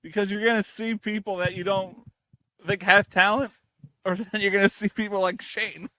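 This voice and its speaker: A man hosting a casual podcast, upbeat and quick to laugh, who asks his guest follow-up questions. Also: high-pitched, fairly even intonation, pushed and bright, no room sound. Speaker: podcast host.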